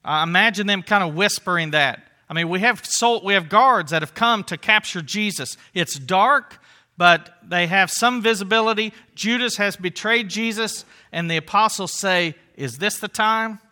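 Bright high-voiced preacher, conversational. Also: male voice, normal speed. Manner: conversational, animated storytelling with asides. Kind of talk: sermon.

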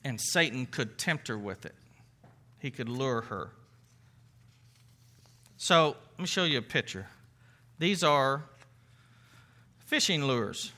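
A man's voice: medium pitch, animated, slow pace, long pauses, sharp tone. A man preaching as a pastor in a conversational sermon, earnest and playful, often restarting his sentences.

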